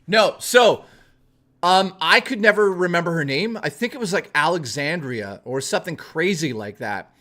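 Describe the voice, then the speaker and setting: A high-voiced man spinning a yarn on his stream. He talks casually and animatedly, swears freely, and keeps insisting the story is real. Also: expressive, normal speed, sharp tone.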